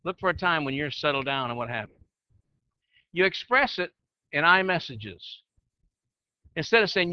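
A man's voice: a little high, lively intonation, moderate pace, pauses often, sharp tone, clear, resonant tone, dull audio. A man teaching church leaders in a conversational preaching style, often asking his listeners questions. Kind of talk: sermon-style teaching with slides.

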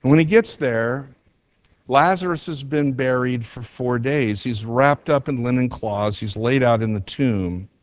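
A man's voice: mid-range voice, a little slow, no room sound. A man preaching an earnest sermon, retelling a scripture story with rising emphasis. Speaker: pastor.

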